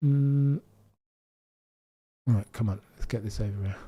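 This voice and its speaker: A man with a mild Birmingham accent hosts a live watchalong stream. He talks in an excitable, chatty way, speaking straight to his viewers as he commentates. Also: lowish voice, unhurried, breathy edge. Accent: mild Birmingham English. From Birmingham, England.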